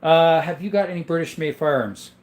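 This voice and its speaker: A brisk man with a fairly high-pitched voice hosts a casual livestream showing his gun collection. He reads chat names in an easygoing, rambling manner and coughs now and then from being sick.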